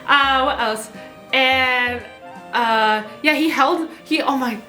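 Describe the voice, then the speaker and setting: Young woman guest, high-pitched and bright, animated chatty storyteller, roomy sound. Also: slow, music in the background. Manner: animated storytelling, giggly, lots of fillers. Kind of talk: casual chat.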